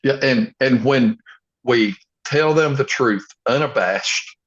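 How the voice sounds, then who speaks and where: A man talks in a middle-pitched voice, firm and earnest, with many short affirming phrases. The recording sounds a little dull and muffled. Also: slow pace. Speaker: chiropractor, podcast co-host. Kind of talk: casual chat.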